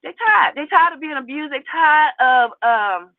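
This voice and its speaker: A woman hosting her own commentary channel, talking straight to her viewers in a casual, animated way and repeating her points for emphasis. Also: sits high, moderate pace, no room sound. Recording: tinny phone-like sound, dry.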